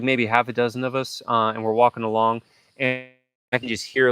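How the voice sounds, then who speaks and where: A man hosting a livestream, telling a story casually and acting out sound effects and shouted lines. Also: mid-range voice, little pitch movement, fairly quick, clean tone, dry recording. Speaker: livestream host.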